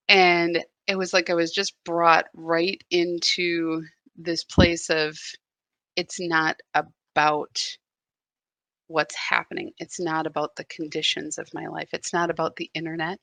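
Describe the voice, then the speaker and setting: A woman's voice: fairly low pitch, level tone, a little slow, a bit bright, dry recording. A woman spiritual guide giving a live meditation talk, telling a candid story that turns reflective.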